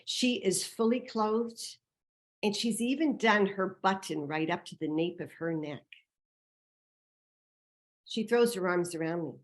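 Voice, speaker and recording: A woman telling a personal story on stage, dramatic and vivid, moving between hushed and loud. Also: medium pitch, a little slow, pauses often. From Canada.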